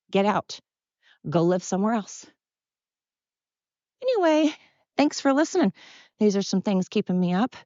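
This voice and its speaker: A woman's voice: on the low side, darkish tone, no room sound. A woman hosting a solo podcast, ranting bluntly and profanely in a heated, repetitive way while walking around outdoors. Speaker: podcast host. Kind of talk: casual opinion rant, solo podcast. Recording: dull, lo-fi, dry sound.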